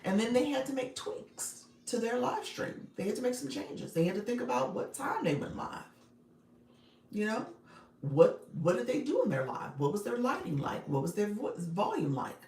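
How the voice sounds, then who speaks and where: A woman's voice: on the high side, sing-song, moderate pace, darkish tone, roomy sound, recorded from a distance, slight background noise. A woman coaching on a live stream, upbeat and repetitive, often laughing and calling viewers by name. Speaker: livestream coach and host. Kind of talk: live-stream coaching talk, reading chat.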